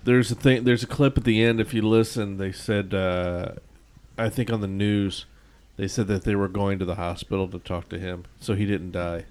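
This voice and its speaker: Lower voiced guy on a comedy podcast, jumping in to fix the plot details. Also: little pitch movement, moderate pace, darkish tone. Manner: chimes in to correct plot details. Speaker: podcast co-host. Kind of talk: casual banter.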